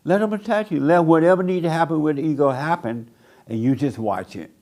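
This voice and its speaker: An older man preaching a blunt sermon to a small group, mocking people by acting them out in a higher voice. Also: a little fast, a little mellow. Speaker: pastor.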